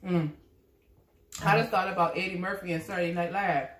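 A woman's voice: lowish voice, fairly even intonation, fairly quick, a bit bright, echoey room, recorded from a distance. A woman hosting an eating-show chat, teasing and blunt, laughing often. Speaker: host. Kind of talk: mukbang chat.

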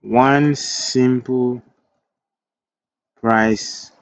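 A man's voice: mid-range voice, steady tone, drawn-out words, no room sound, highs cut off. A man teaching web development in a screen-recorded coding tutorial. He thinks aloud as he types, corrects himself, and drifts into chatty asides.

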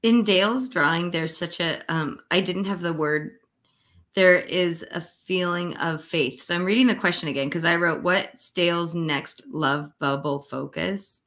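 A woman gives intuitive readings on a livestream in a slow, dreamy, drawn-out voice. She talks at an unhurried pace, with frequent yawns breaking up her sentences. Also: lowish voice, fairly bright tone. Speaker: intuitive reader.

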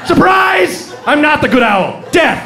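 A man voicing a murderous, taunting male pet owl with a shrill, shouting voice. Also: sing-song, unhurried, full character voice. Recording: echoey club, loud crowd noise.

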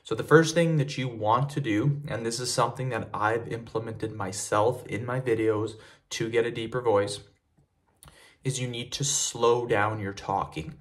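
A man's voice: mid-range voice, fairly even intonation, normal speed. A young man talking casually to camera in a fitness vlog, explaining simple exercises in a plain, repetitive way with frequent fillers. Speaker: fitness video creator. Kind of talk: casual tutorial talk to camera.

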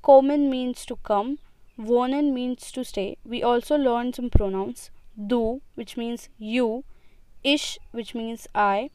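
A young woman with an Indian English accent leads a beginner German lesson in a smooth, crisp voice that sits a little high. She talks slowly and patiently, repeating each word twice so learners can follow. The sound is dry and close, with no room around it. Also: fairly even intonation, a little mellow, no echo. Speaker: German teacher. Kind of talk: slow, clear classroom lesson.

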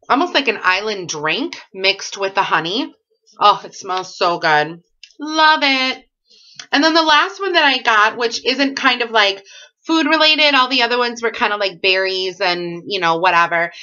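A woman's voice: medium pitch, sharp tone. A woman chatting her way through a shopping haul vlog, gushing over each item with lots of fillers. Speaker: haul vlogger. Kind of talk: casual product haul vlog. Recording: dull lo-fi home recording.

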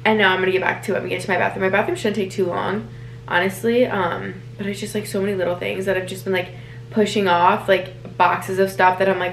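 A woman's voice: medium pitch, flat delivery, fast, creaky, fairly bright tone, a little hiss or hum. A woman in her twenties chatting casually to the camera in a vlog, rambling and laughing often. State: out of breath. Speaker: lifestyle vlogger.

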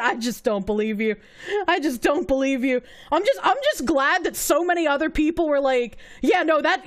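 A female streamer talks loosely with her viewers in a high voice that swoops up and down all the time. She is animated, laughs often and swears without a second thought. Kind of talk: casual livestream commentary.

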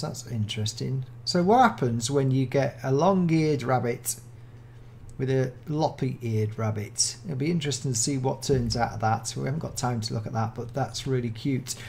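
British youtuber gushing over minecraft mobs, lots of oohs and gasps, kinda gravelly voice. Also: medium pitch, moderate pace, darkish tone, slight background noise. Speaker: Minecraft mod showcaser. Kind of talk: casual gameplay commentary.

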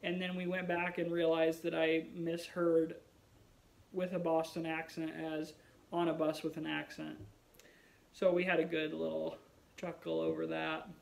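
A man's voice: a little high, monotone, unhurried, vocal fry, poor audio. A man vlogging in a casual chat to the camera, rambling and musing aloud with wry, self-mocking humor.

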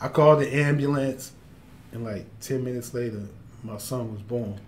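A man telling a story in casual podcast chat, animated and slangy, with a lot of swearing. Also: mid-range voice, normal speed. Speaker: podcast guest.

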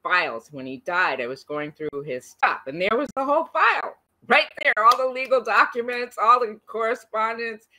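Woman in her 60s with a bright, crisp voice, telling family stories with lively animation. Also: a little high, moderate pace, few pauses, poor audio. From United States. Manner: lively, animated storytelling with laughs and restarts. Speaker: interviewee. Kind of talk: recorded conversation between siblings.

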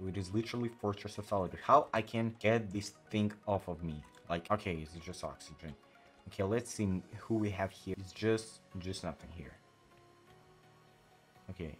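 Excitable man narrating his gameplay. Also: on the low side. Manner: excitable, frequent exclamations and slang. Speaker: gaming YouTuber. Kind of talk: let's play commentary.

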